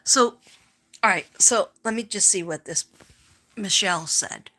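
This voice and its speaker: Middle-aged New York woman, rambling livestream host, bright voice. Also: medium pitch, measured pace. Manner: rambling, chatty, greets viewers by name. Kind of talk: casual livestream chat.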